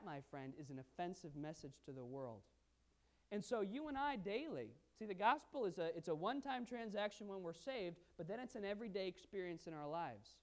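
A woman teaching a Bible study class, earnest and emphatic, speaking to her class. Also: mid-range voice. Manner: earnest, emphatic, pleading in quoted prayers.

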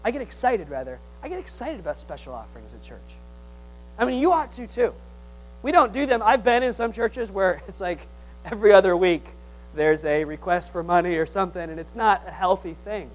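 A male pastor preaching a sermon, swinging from loud exhortation to hushed tones, with teasing humor and call-and-response. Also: sits high, animated, fairly quick, rough recording.

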